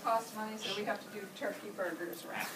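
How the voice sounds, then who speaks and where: A woman's voice: medium pitch, fairly even intonation, fast. A woman teacher walking a class of children through an app, step by step, in an upbeat, explaining way. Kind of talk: classroom demonstration. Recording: echoey classroom, camera far off, noisy.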